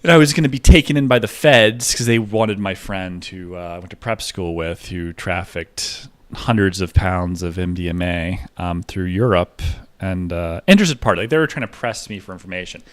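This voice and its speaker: A man's voice: low voice, normal speed. A young man talking in a rambling, digressive monologue, jumping from topic to topic as he tells stories. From United States.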